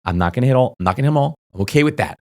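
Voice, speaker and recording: A young man talking casually to camera, giving crypto advice in a rapid, emphatic way, full of fillers and checking in with "okay?". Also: mid-range voice, animated, a little mellow. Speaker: crypto YouTuber.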